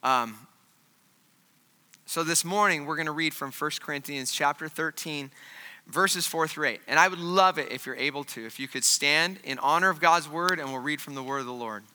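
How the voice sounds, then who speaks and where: A man's voice: fairly high pitch, moderate pace, sharp tone, in a large hall. A man preaching a sermon in a casual, joking, conversational way, full of fillers. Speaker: pastor.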